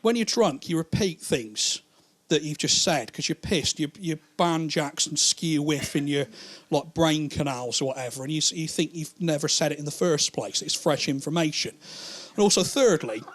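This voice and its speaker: Animated, crude man telling stand-up stories. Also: on the high side, normal speed. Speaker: stand-up comedian. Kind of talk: stand-up storytelling.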